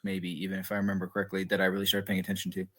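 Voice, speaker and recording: A man who is a military veteran, a guest on a podcast, chatting in a quick, friendly way. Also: low-pitched, monotone, fairly bright tone. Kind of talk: casual conversational chat.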